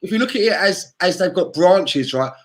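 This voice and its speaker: A man's voice: high-pitched, animated, normal speed. A man co-hosting a casual football podcast, ranting heatedly and swearing constantly. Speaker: podcast co-host.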